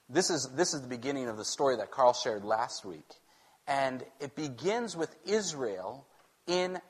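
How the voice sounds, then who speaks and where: Man preaching with rhetorical questions. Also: medium pitch. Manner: rhetorical questions, animated delivery with frequent restarts. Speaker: pastor. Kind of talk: sermon.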